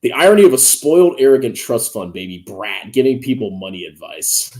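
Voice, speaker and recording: A man's voice: mid-range voice, sing-song, moderate pace, darkish tone. A man in his thirties giving sarcastic reaction commentary as a finance YouTuber, mocking his rivals and laughing often. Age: 30s.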